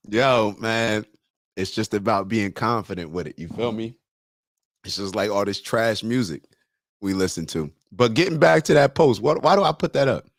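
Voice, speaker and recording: A man hosting a morning podcast, talking bluntly and casually with slang, now and then joking in a high singing voice. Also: unhurried, dry recording, studio quality. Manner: blunt, slangy, animated, breaks into falsetto singing jokes. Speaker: morning show host. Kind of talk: casual motivational podcast talk.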